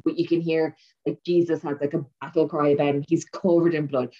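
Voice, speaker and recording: A woman co-hosting a podcast, excitedly retelling a film in casual chat and laughing often. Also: low-pitched, a little fast, highs cut off. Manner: animated storyteller, laughs often.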